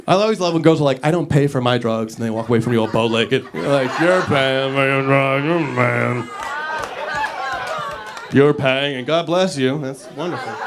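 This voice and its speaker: On a comedy club stage, a man performs stand-up into a handheld mic, his voice sitting a touch high for a man. He is brash and profane, swinging from loud, shouted punchlines to low, mumbled asides.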